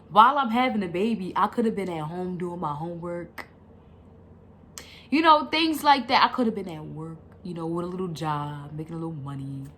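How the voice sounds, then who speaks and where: Slangy, animated young woman storyteller. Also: on the low side. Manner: animated, slangy and dramatic, with side remarks. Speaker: vlogger. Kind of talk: casual storytime vlog.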